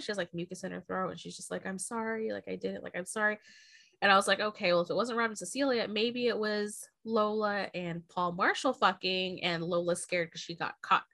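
A woman's voice: mid-range voice, a bit bright, dry recording. Swearing woman retelling a novel's plot. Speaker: podcast co-host. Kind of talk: casual book-club chat.

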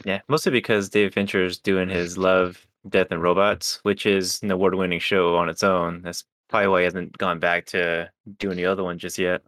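Man, very low voice, matter-of-fact know-it-all, dry mic. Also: level tone, normal speed, few pauses, fairly bright tone, no room sound. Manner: matter-of-fact, correcting others. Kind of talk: casual chat.

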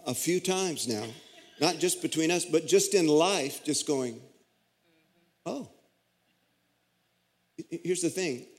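This middle-aged man has a slightly high voice with a darkish tone. He's a pastor delivering a sermon in a church sanctuary, spinning a story with homespun, self-mocking humor, and the recording carries a long church echo.

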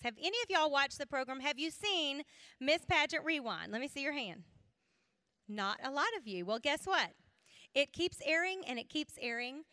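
A woman's voice: sits high, animated, moderate pace, pushed and bright, dry recording. A woman from South Carolina with a Southern accent, giving a playful, chatty talk full of stories to a women's church gathering, laughing often. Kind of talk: humorous storytelling to a live audience.

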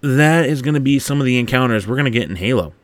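A man hosting a podcast, reading a game blog post aloud and breaking off to laugh and comment excitedly. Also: mid-range voice, fast talker, no echo. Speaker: podcast host.

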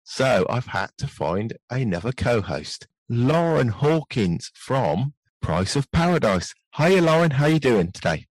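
A British man hosting a podcast in a gentle, soft-spoken way. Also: medium pitch, big pitch swings, a little slow, hardly any pauses, no room sound, poor audio. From United Kingdom. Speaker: podcast host. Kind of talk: casual podcast chat.

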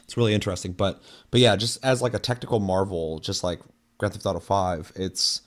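This young man has a low voice and talks fairly quickly. He's chatting casually on a podcast, wandering through stories, swearing and using plenty of fillers.

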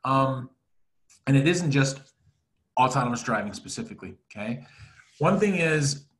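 A man co-hosting a casual business podcast, playful and joking, swinging between loud and quiet. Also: medium pitch, expressive, normal speed. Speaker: podcast co-host.

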